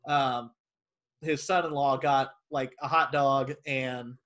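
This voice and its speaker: A man's voice: mid-range voice, slow pace. A man who works at a movie theater, telling stories in a casual chat and acting out the quotes. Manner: animated storyteller who acts out quotes.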